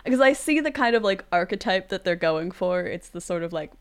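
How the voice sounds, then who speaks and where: A woman's voice: on the low side, expressive, brisk, smooth. A woman hosting a podcast, recapping film scenes in casual chat and laughing often. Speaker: podcast host.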